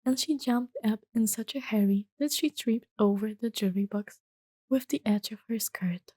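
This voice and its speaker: Soft spoken asmr lady reading a story, hushed, some whispers, dry close sound. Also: fairly high pitch, moderate pace, breathy edge, dry recording. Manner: gentle, hushed, slipping into whispers.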